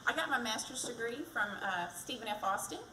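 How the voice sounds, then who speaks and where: A woman running for county treasurer speaks at a fire department community event, chatty and poking fun at herself. Her voice is a little high, expressive, fairly quick, and sharp in tone. The audio is echoey and noisy, picked up by a distant mic.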